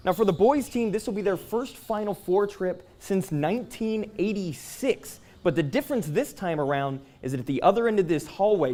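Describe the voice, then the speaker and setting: A young man reporting sports news for local television in an upbeat, crisp delivery. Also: high voice, a little mellow, slight background noise.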